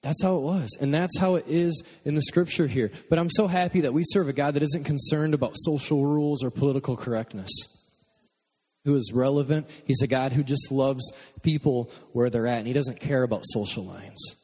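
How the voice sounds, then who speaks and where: A young man from Michigan preaching a sermon in a relaxed, conversational way, joking with the congregation between points. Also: mid-range voice, fairly quick, breathy edge. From Michigan, USA. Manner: conversational, jokey asides to the congregation. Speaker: pastor. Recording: long hall reverb.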